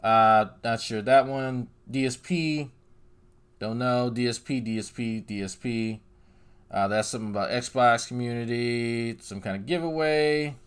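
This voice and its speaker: A man's voice: mid-range voice, measured pace, smooth. Guy doing snarky commentary, keeps repeating the same word to mock a channel, swears a lot. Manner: mocking, repetitive, profane asides. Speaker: commentary YouTuber. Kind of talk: sarcastic commentary over screen scrolling.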